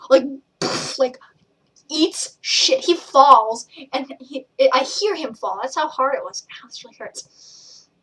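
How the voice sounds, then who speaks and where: A woman's voice: high-pitched, lively intonation, takes it slowly, a bit bright, breathy edge. A young woman chatting casually to camera, rambling from one tangent to the next and acting out what people said. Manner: rambling, jumps between tangents, acts out quotes. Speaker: vlogger and page admin. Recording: voice a bit distant from the mic.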